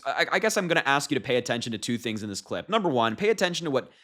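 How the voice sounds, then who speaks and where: A young man talks straight to his viewers about politics. His voice is bright and forceful, and his delivery is mocking and loose. He laughs often at his own points. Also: mid-range voice, sing-song, racing. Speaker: political commentator. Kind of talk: casual political commentary.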